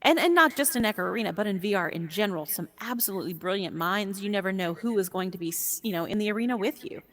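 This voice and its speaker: A woman speaking as an interview guest in casual chat, warm and animated and quick to laugh. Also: medium pitch. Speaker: guest, VR sport caster. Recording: long echoey reverb.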